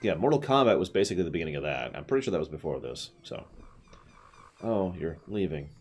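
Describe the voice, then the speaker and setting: A man's voice: sits low, very animated, very fast, a little mellow, a little hiss or hum. A man giving casual, chatty commentary while streaming a video game, with opinionated asides.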